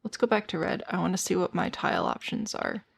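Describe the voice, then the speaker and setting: Sounding worn out and hoarse, a woman streams a game and answers her chat casually, seemingly thinking aloud. Her somewhat low, rough, gravelly voice with fry swoops wildly in pitch, and she talks fairly quickly.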